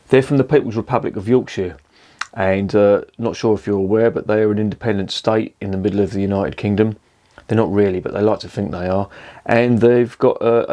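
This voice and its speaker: A man talks through a beer review in a relaxed vlog style. His voice sits low, and he keeps things jokey and chatty, dropping swear words along the way. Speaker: beer reviewer, channel host.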